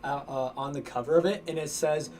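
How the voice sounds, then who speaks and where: A man casually telling a long story to friends, rambling and halting with lots of fillers and restarts. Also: a little high, a little mellow, slight background noise. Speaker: lore storyteller among friends. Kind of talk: casual chat.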